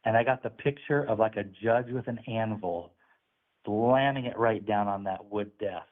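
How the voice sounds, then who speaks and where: A man's voice: fairly low pitch, moderate pace. A man calling in, telling a religious testimony in an earnest, preachy storytelling manner. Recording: phone-line audio.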